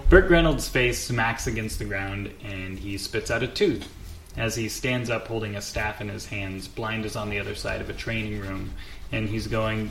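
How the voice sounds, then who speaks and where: A man's voice: lowish voice, moderate pace, gravelly, a bit bright, reverberant, slight background noise. A man narrating a tabletop game as game master, in a casual, filler-heavy way.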